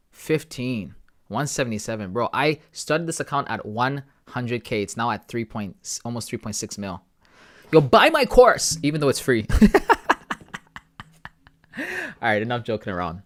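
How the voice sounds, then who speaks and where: A man's voice: medium pitch, a bit bright. A man who grew up in Ghana, chatting casually on a live stream, joking and using slang as he reads his chat. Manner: laid-back, joking, talks to chat with slang. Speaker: forex trading streamer.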